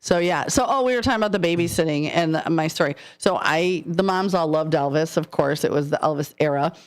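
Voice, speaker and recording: Lively storytelling woman in her sixties. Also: low voice, brisk. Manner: animated, acts out voices in her stories. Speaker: radio co-host. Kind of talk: casual storytelling chat. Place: radio studio. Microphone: studio microphone.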